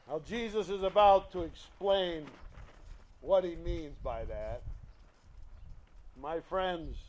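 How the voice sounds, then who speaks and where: Slow, high-voiced preacher with dramatic swings. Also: male voice. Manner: dramatic swings between hushed and loud; slow, deliberate delivery with emphatic scripture reading. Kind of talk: sermon.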